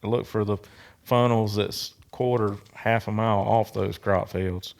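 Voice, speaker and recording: A man's voice: lowish voice, steady tone, measured pace, vocal fry. A man on a podcast giving plain, matter-of-fact hunting advice in a casual chat. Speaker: guest.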